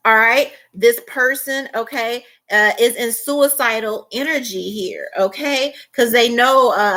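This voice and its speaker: Bright high-voiced woman reading tarot. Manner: emphatic, repeats "okay?" and "all right?", acts out quoted people. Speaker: tarot reader.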